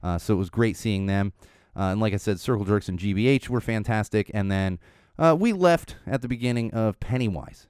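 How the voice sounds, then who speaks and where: A man's voice: lowish voice, animated, a little fast, a little mellow, clear, resonant tone, no echo, clean studio sound. A man hosting a podcast, telling a long story in a casual, rambling way with lots of fillers and chuckles. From Southern California. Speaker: podcast host. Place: podcast studio. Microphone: studio mic.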